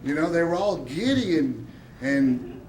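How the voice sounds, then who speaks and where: A man telling his story at a press event, excited and laughing, acting out the voices of the people he quotes. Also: on the high side, a little slow, recorded from a distance, noisy background. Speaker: lottery winner at a check presentation. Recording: echoey room.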